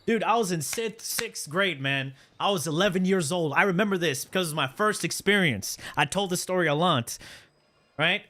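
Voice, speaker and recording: A man in his thirties spins a personal story for his stream chat in a loose, slangy voice, cursing freely and tossing in "right?" after nearly every point. His voice sits fairly high and rings very bright and forward. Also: normal speed. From Canada. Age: 30s. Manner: animated, slangy, profane, repeats "right?".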